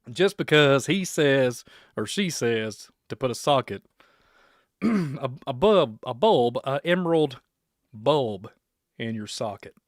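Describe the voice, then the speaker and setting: Kentucky man hosting a livestream, mid-pitched, wanders and jokes, close dry sound. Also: animated, slow, long pauses, dry recording. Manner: rambling, speculative and joking. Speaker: podcast host. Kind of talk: casual livestream chat.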